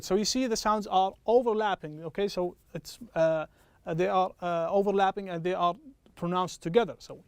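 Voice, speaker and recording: A man teaching an English pronunciation lesson, patiently checking in with "okay?" and slowing down to model each example phrase. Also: high voice, fairly even intonation, clean tone, no echo. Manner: patient, repeats "okay?" after each point.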